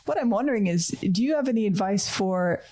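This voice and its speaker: A woman host with a mellow, darker tone speaks casually at a middle pitch. She works her way toward her questions thoughtfully, pausing with small fillers as she gathers her words. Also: lively intonation. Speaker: podcast host. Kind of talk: casual podcast chat.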